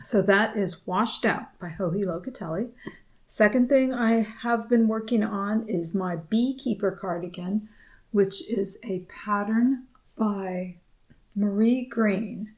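Woman, unhurried pace, chatty storyteller, laughs often, knitting podcast co-host. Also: mid-range voice. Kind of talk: casual chat.

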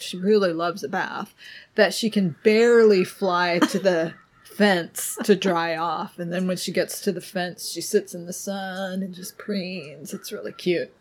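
A middle-aged woman co-hosting a podcast in casual chat, unhurried and thoughtful, often trailing off softly. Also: on the low side. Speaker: podcast co-host.

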